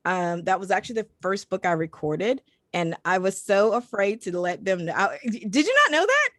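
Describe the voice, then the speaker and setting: A woman's voice: mid-range voice, sing-song, normal speed, a bit bright, dry recording. A woman who narrates audiobooks and podcasts, chatting effusively and emotionally on a video call panel. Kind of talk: casual panel chat.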